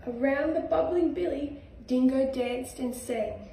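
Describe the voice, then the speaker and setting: Australian woman, young, storybook reading, mellow tone, echoey room heard from a distance. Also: high-pitched, animated, a little slow, hardly any pauses, slight background noise. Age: young adult. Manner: gentle, sing-song rhymes. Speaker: reader, footballer. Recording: echoey room, far from mic.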